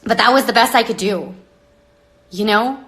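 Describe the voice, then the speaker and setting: A woman hosting a live stream into her phone, talking dramatically and with exasperation, swinging between loud outbursts and hushed asides. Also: on the high side, normal speed. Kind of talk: rambling live-stream monologue.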